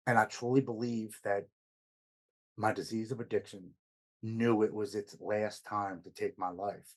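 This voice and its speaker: A man's voice: lowish voice, steady tone, unhurried, low-quality recording. A man, a podcast guest, recounting his recovery story in an earnest, emotional way, stammering over words at times.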